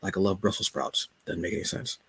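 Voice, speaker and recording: A man's voice: sits low, fast, breathy edge, dry recording. A man hosting his own channel, chatting casually and jokingly about books and comics with plenty of asides. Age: adult. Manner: relaxed, joking, storytelling with asides. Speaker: channel host.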